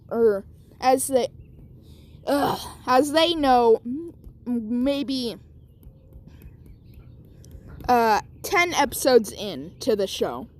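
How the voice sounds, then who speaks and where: A woman telling her own fan story casually, rambling and correcting herself as she goes. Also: on the high side.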